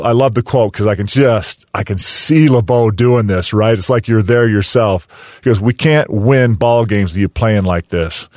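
A man's voice: fairly low pitch, a little mellow, no room sound, clean studio sound. A man, a former player co-hosting a podcast, telling stories in an enthusiastic, rambling way. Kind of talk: casual sports chat.

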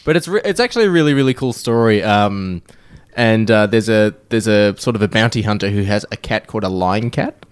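A man's voice: fairly low pitch, expressive, fairly quick, clear, resonant tone. Casual man telling a long story. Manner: rambling storyteller, swears casually. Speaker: podcast co-host. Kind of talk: casual podcast chat.

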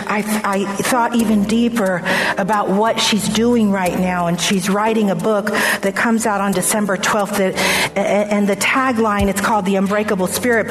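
A woman pastor giving an earnest radio sermon, stressing points through repeated phrases and often restarting her words. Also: medium pitch. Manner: frequent restarts and stammered repeats.

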